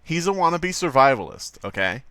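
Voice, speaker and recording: A man's voice: on the high side, very animated, moderate pace, sharp tone, no room sound. A man casually commenting on his livestream while drawing, rambling, joking and swearing a lot. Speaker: streamer.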